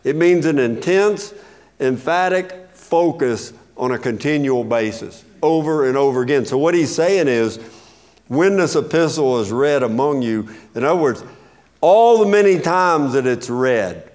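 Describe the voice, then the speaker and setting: A man preaching a teaching sermon in a fairly high voice. He leans on key words for emphasis and keeps asking his listeners questions, then answers them himself. He sounds like a pastor walking a congregation through scripture. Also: lively intonation, unhurried, a little mellow. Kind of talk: expository sermon.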